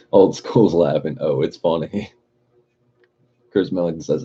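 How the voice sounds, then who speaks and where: Deep husky young man rambling on a stream. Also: slow pace, pauses often. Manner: profane, laughing, rambling. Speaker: livestream host. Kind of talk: casual chat with live chat readers. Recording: dull lo-fi stream audio.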